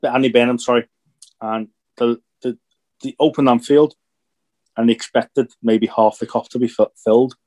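A young man from Northern Ireland co-hosting a casual podcast, talking in a reflective, halting way as he searches for his words. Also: medium pitch, steady tone, darkish tone. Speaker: podcast co-host.

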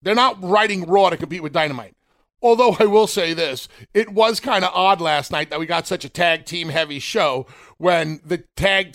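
A man talks wrestling in a casual, emphatic way and turns straight to the fans to make his point. His voice sits high for a man and has a gravelly, fry-laden edge. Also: fairly bright tone. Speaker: podcast co-host, former wrestler.

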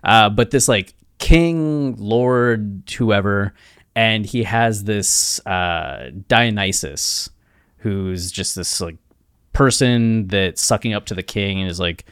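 Low-voiced man telling a story casually. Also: slow, a bit bright, clear, resonant tone, dry recording, clean studio sound. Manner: playful, rambling, laughs often. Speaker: podcast co-host.

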